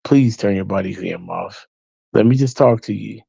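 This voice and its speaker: A man acting out a drunk police chief, pleading in a low, hushed, slurred voice that never quite drops to a whisper. The sound is dry and slightly dull, like a home livestream mic. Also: normal speed, creaky, slightly rough, no room sound, exaggerated voice. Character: drunk male police chief begging an officer.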